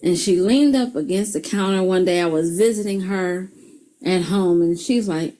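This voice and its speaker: Middle-aged woman host giving upbeat self-help advice to viewers, quick to laugh. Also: mid-range voice. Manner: animated storyteller, laughs often, addresses viewers as y'all. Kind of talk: motivational talk.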